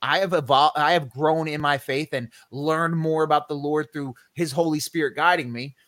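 Slangy preaching man, higher voice. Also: fairly even intonation, normal speed, a bit bright, no room sound. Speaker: podcast co-host. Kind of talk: casual faith podcast teaching.

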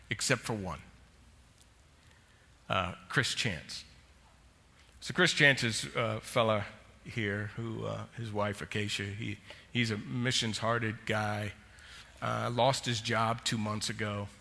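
A senior male pastor with a fairly low, bright, forceful voice preaches in a church sanctuary. He tells a personal story with strong emotion before closing in prayer, and the recording carries a long church-hall reverb.

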